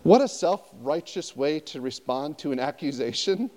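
A man pastor preaching a conversational sermon, often turning to his listeners with quick questions. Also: on the high side, in a large hall. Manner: conversational, animated, asks the audience often.

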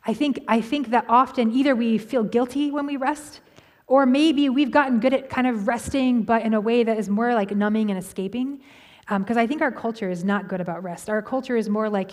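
Woman pastor, chatty sermon delivery with fillers, slightly high voice, long hall reverb. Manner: conversational, frequent fillers and restarts.

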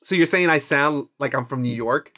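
A man's voice: medium pitch, moderate pace, pushed and bright. A man co-hosting a movie podcast in casual chat, rambling, playful and self-mocking. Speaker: podcast co-host.

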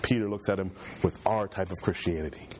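A man preaching a sermon, building repetitive points with fervor and pushing his voice higher as he gets passionate. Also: brisk, a little hiss or hum. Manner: impassioned, voice climbs high when fervent.

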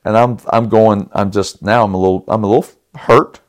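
A man's voice: lowish voice, brisk. Middle-aged guy on a podcast, telling a story all worked up, keeps restarting his sentences, laughs here and there. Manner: animated, dramatic retelling with restarts and chuckles. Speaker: podcast host. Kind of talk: personal storytelling.

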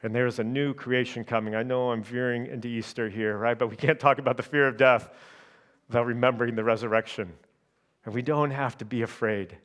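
A man preaching a sermon in a measured, emphatic way, often checking in with his listeners through quick tag questions. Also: medium pitch, steady tone, fairly bright tone.

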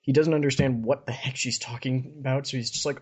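A man with a husky voice and a middle pitch chats through a recap of fantasy fiction. He mixes casual commentary with passages read straight from the text. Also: fairly even intonation, brisk, darkish tone. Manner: chatty retelling, reads passages aloud. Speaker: podcast host.

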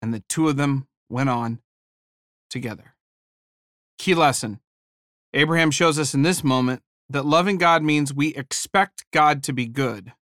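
A man preaching a sermon, telling a story from his teaching days with animated, humorous delivery. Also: medium pitch, measured pace, no echo, clean studio sound. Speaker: preacher and former high school teacher.

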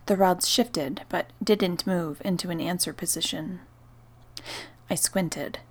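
A woman narrating a first-person story in a soft, partly whispered voice. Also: lowish voice, takes it slowly, breathy edge.

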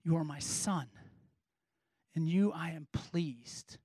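A man putting on the hushed, tender voice of God. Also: fairly high pitch, slow, breathy edge, no room sound, clean studio sound, pitched below the performer's own voice. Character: God the Father, hushed loving deep voice.

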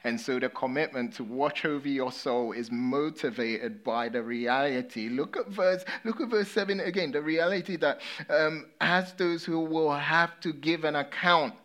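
A man from England with an English accent, a pastor delivering a sermon. He tells stories with energy, then drops to hushed, sober emphasis. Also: on the high side, normal speed, hardly any pauses. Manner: storytelling, swinging between lively and hushed, sober.

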